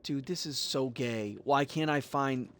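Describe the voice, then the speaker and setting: Speaking at a mid-range pitch and a slightly slow pace, a man streaming a game recounts a story in a casual, animated way. He is exasperated and profane, muttering to himself while playing.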